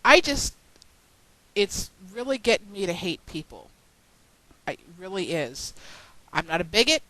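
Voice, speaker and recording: A woman's voice: medium pitch, sing-song, measured pace, sharp tone, dry recording, poor audio. A woman ranting into a webcam at home, exasperated and sarcastic, swearing as she scolds her community. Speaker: video blogger. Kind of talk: frustrated webcam rant.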